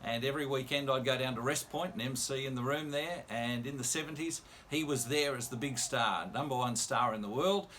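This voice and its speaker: A man, a radio presenter, telling an animated anecdote full of quoted dialogue on a video call. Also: mid-range voice, brisk, hardly any pauses, a little hiss or hum.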